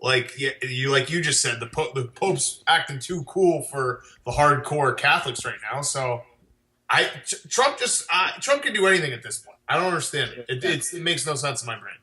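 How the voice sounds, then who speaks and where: Bright-voiced joking man in an echoey room. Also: medium pitch, expressive, moderate pace. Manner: loose, profane, jokey delivery. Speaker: podcast co-host. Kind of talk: casual news banter.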